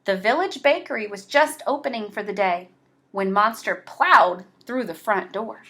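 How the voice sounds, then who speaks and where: A woman of medium pitch reads a kids' picture book out loud. Her pace is slow and her delivery full of feeling.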